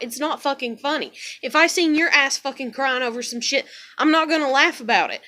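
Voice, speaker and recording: A woman in her thirties vents in a raw, rambling monologue, swearing often. Her voice sits high and sounds bright and sharp. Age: 30s. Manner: profane, rambling, frustrated. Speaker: vlogger. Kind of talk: emotional venting monologue.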